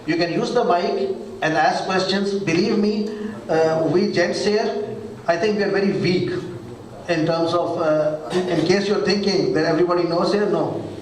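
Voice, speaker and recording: A man's voice: sits high, moderate pace. A man teaching an Arabic grammar class to a room of students, repeating words and making playful asides. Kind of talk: classroom lesson. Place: classroom or hall. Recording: echoey room from far off, faint hiss.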